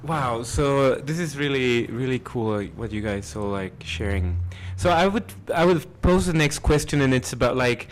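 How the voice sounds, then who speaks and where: A man's voice: mid-range voice, animated, moderate pace, few pauses, a little hiss or hum. A man moderating a panel, asking a long, hesitant question full of restarts.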